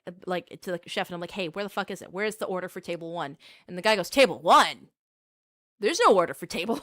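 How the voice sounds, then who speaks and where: A woman's voice: mid-range voice, a bit bright, no room sound, clean studio sound. A young adult woman streamer telling a rambling personal story in casual chat, with plenty of filler words.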